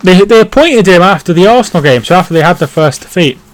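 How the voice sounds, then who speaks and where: A man hosts a casual live football watchalong, answering viewers and calling the action as it happens. His voice sits a little high, and the sound is dry and close with no room around it. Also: lively intonation, quick pace, dry recording. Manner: chatty, reads out viewer comments and reacts to play. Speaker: football stream host.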